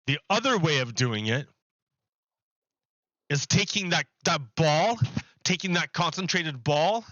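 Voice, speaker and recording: A man streaming a video game, chatting casually in a rambling, animated way and restarting his sentences often. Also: fairly high pitch, measured pace, pauses often, no echo, muffled recording. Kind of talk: casual chat while gaming.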